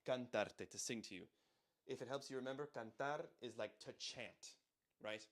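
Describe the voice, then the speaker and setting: A man's voice: medium pitch, moderate pace. A man teaching a language through song lyrics, breaking each line down patiently and often checking in with "right?".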